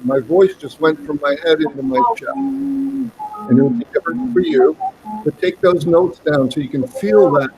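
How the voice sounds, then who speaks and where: A man's voice: fairly high pitch, expressive, moderate pace, background noise. Man coaching a voice workshop. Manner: encouraging, coaching participants step by step. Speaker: voice workshop leader. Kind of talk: guided vocal exercise instruction.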